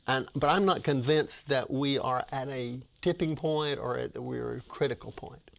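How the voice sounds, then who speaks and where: Older guy, gravelly voice, stumbles and restarts a lot, talking science as a guest. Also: medium pitch, normal speed. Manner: hesitant, many restarts and fillers. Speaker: guest author, retired professor. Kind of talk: casual interview talk.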